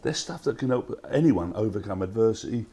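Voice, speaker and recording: A man's voice: lowish voice, expressive, brisk, dark tone, breathy edge. Passionate older Cockney man. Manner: passionate, emphatic, down-to-earth. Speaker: festival organiser guest. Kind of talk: passionate talk-show chat. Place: live studio.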